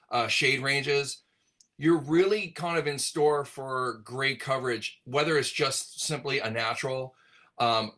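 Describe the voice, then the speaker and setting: A man's bright, forward voice at an ordinary pitch, talking through his work as a colorist. He rambles in a relaxed way, full of ums and restarts, like an educator speaking in an online class. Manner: relaxed, rambling explanation with many fillers. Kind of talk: virtual class talk.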